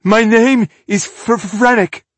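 A man's voice: high voice, fairly even intonation, slow, pitched above the performer's own voice. A man doing a terrified, stammering captive. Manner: stammering, pleading.

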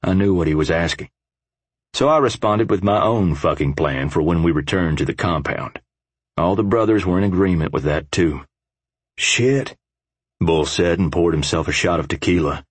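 Deep, husky man reading an audiobook. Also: moderate pace, no echo. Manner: gritty, profane first-person reading. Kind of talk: audiobook narration.

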